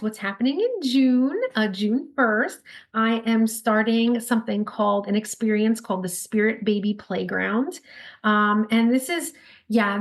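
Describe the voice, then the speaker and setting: A woman with a New York accent, a guest in a casual podcast interview, talking quickly and upbeat with frequent laughs. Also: fairly high pitch. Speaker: podcast guest, spirit baby intuitive.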